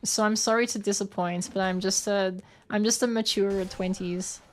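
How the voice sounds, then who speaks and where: A woman's voice: mid-range voice, steady tone, moderate pace. Woman, twenties, streamer, playful, casual gaming chat, reads chat aloud. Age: 20s. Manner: playful, giggly, thinks aloud.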